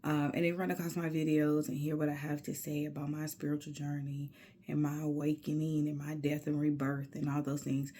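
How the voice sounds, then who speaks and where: A woman talking to her camera in a personal video journal, slow and reflective, often dropping into soft near-whispered asides between casual fillers. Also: low voice, completely flat delivery. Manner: casual, with many fillers and spiritual musing. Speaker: video diarist.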